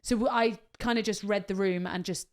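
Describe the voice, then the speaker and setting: A woman tells a story in a casual podcast chat. She is animated and swears freely. She acts out what other people said along the way. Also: mid-range voice, fairly quick. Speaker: podcast co-host.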